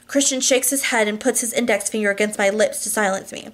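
Woman reader, amateur novel reading, stumbles and restarts, mid-pitched voice. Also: fast. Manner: reads with frequent restarts and slips. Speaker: audiobook reader.

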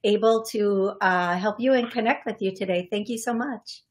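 A middle-aged woman hosting a call-in radio show as a psychic medium, talking in a halting way with many fillers and restarts. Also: medium pitch.

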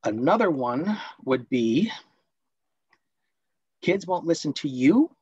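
A man presenting a parenting workshop online, explaining points and acting out scolding parents in quick role-plays. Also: fairly high pitch, sing-song, a little mellow, breathy edge, no echo, muffled recording.

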